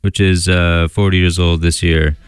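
Late-night male DJ, very low and smooth, easygoing, rambling between tracks. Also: normal speed, no room sound, studio quality. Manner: relaxed, rambling, with many fillers. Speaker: radio DJ. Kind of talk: casual radio DJ patter.

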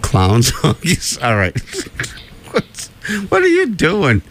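Wisecracking radio co-host with swooping voice. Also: male voice, medium pitch, huge pitch swings, extremely slow, a bit bright, slight background noise. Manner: dry wisecracks. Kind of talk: joking radio banter.

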